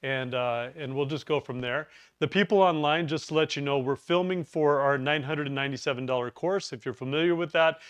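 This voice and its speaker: A man's voice: on the high side, brisk, a bit bright, clean tone, no room sound. Chatty man teaching a live class. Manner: chatty, joking, rambling asides. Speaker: preparedness course instructor. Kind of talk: live class presentation with jokes. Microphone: lapel mic.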